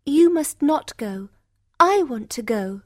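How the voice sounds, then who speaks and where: A woman voicing a brave, kind young woman in a storybook reading, earnest and gentle. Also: high-pitched, lively intonation, slow, voice pushed up. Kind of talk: storybook character voice.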